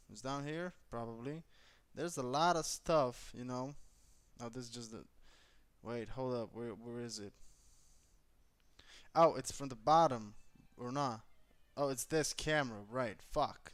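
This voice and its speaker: A high-voiced man talks through a casual home vlog as he tests a camera gimbal. His speech is loose, slangy and full of swearing, and it jumps up with excitement. His voice is smooth and clear, with faint music behind him. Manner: profane, excitable, thinks aloud. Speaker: vlogger. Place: indoors at home.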